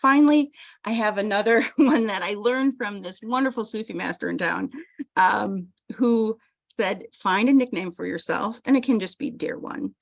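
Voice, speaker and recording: A woman chaplain teaching a talk on self-compassion in a gentle, unhurried way, often restarting her phrases. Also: medium pitch, vocal fry, no echo. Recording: dull lo-fi dry sound.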